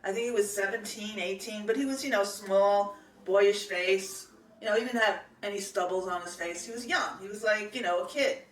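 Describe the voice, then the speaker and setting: A woman's voice: medium pitch, normal speed, distant mic. A middle-aged woman, telling a personal story in a chatty, meandering way, full of fillers and restarts. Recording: echoey room, voice set back from the mic.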